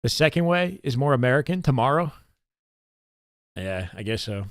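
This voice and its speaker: Canadian man, casual stream commentary, relaxed chatty talk with fillers, mid-pitched voice, dry close sound. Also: a little fast, no room sound. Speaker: streamer and esports co-caster.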